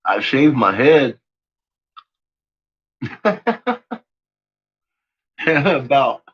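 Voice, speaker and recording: A man's voice: mid-range voice, lively intonation, very slow, breathy edge, lo-fi sound. A man chatting casually with viewers, rambling, swearing freely and laughing often.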